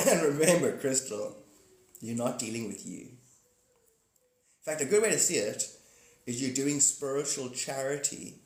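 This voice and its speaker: A man's voice: mid-range voice, animated, measured pace, pauses often. A man hosting a casual live stream, rambling, joking and greeting his viewers by name. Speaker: livestream host. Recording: echoey room with faint ambience.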